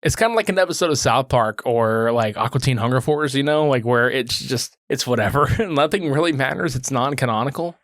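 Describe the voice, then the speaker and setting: A man's voice: medium pitch, brisk, few pauses, a bit bright, no echo, clean studio sound. A man co-hosting a podcast in casual, profane chat, often laughing and acting out quotes in raised voices. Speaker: podcast co-host.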